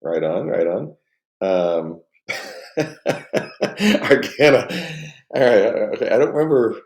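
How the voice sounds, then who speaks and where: A man's voice: fairly low pitch, sing-song, slow pace, a little mellow, reverberant. A middle-aged man and company co-founder chatting casually on a live stream from home, rambling with many restarts and fillers and reading out viewer comments.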